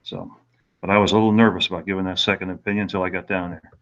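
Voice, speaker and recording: An older man in his sixties leads a golf rules webinar over a video call, pausing often and filling gaps with ums. His voice sits fairly low. The audio is dull and lo-fi. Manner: relaxed, halting, lots of fillers. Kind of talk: webinar lecture with anecdotes.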